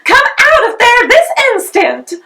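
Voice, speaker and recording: Woman putting on a shrill, fussy house-proud mother. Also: big pitch swings, takes it slowly, noisy background, exaggerated voice. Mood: shrill alarm. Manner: prim, high and shrill.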